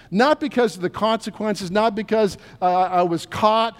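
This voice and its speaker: A man with a high voice preaching a sermon. His delivery is earnest, and he acts out prayers and God's replies in quoted voices. His voice rings with the long reverb of a church sanctuary. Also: normal speed, few pauses. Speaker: pastor.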